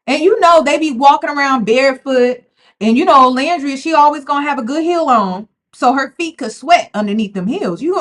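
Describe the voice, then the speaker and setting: Here a woman whose voice sits high talks fairly quickly, giving chatty, slangy commentary on a reality show. Animated throughout, she speaks right to her audience, calling them y'all.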